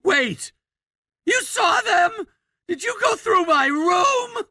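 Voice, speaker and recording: A woman voicing a high-school boy in a text-story drama who shouts demands and then pleads tearfully. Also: expressive, takes it slowly, no echo, studio quality, heavily acted. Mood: panicked pleading.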